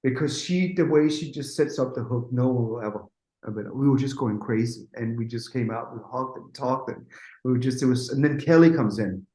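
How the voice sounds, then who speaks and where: A middle-aged man, a music producer, telling anecdotes in a lively, casual way, acting out what people said and swearing freely. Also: medium pitch, fairly quick, reverberant, poor audio. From Denmark. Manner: animated, acts out quotes, swears freely.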